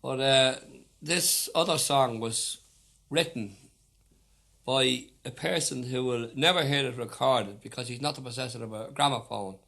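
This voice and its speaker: A man's voice: medium pitch, unhurried, vocal fry, sharp tone. A man with a Dublin accent, chatting wryly with hesitant fillers between the ballads he sings. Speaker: singer. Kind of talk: spoken introductions between unaccompanied ballads. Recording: old archival record.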